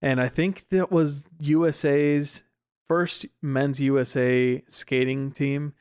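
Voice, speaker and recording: A man's voice: on the high side, fairly even intonation, slow pace, a little mellow, smooth, no room sound, studio quality. A young man co-hosting a podcast, chatting casually and loosely with filler words and laughs. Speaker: podcast co-host. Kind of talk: casual chat.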